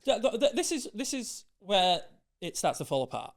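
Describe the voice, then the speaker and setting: Sceptical podcast co-host. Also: male voice, sits high, big pitch swings, moderate pace, creaky. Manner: sceptical, teasing, dry. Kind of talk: casual chat.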